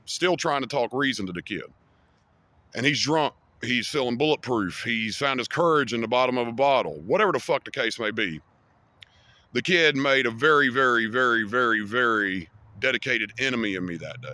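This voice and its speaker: Vlogger man, rambling and foul-mouthed, forceful bright delivery. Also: mid-range voice, fairly quick. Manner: heavy swearing, rambling with many fillers. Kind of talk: casual storytelling to camera.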